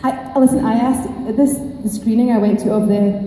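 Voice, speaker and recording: A woman's voice: on the high side, steady tone, brisk, warm tone, slight background noise. Laughing woman in an echoey hall. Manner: chatty and joking, laughs often. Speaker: actress on convention panel. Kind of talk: casual, playful panel chat with fans. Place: large convention hall. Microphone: handheld microphone. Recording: echoey hall with long reverb.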